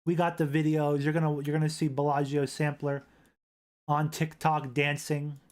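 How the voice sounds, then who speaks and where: A man hosting a casual live stream, rambling, repeating himself and reading chat aloud into a boom-arm desk mic. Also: level tone, normal speed.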